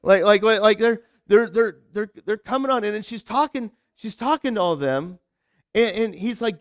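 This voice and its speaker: Young man, pastor, casual chatty sermon, high voice, dry close sound. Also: moderate pace, no room sound. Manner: chatty storyteller, many repeated "like" and restarts.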